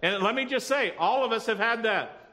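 Man, preacher, sermon, high voice, call-and-response, humorous asides. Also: a little fast, sharp tone. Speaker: pastor.

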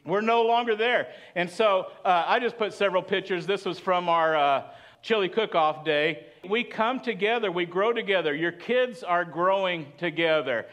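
A man's voice: sits high, normal speed, a bit bright. A man preaching a sermon as pastor, chatty and asking the congregation questions. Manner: conversational, asks the congregation questions.

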